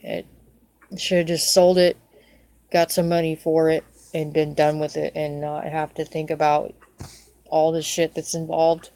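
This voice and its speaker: A middle-aged woman vlogger speaks to camera in an angry personal rant, swearing and repeating herself. Her voice is low and warm, with flat delivery and a slightly slow pace.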